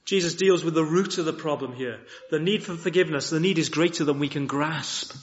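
A man preaching a sermon in a chapel, with lively rhetorical questions and frequent restarts. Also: a little high, a little fast, lo-fi sound, a little hiss or hum. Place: church chapel.

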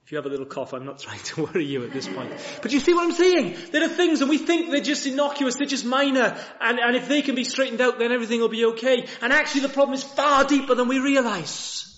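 A man preaching a sermon in a chapel, with lively rhetorical questions and frequent restarts. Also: extremely high pitch, quick pace, few pauses, dull audio. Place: church chapel.

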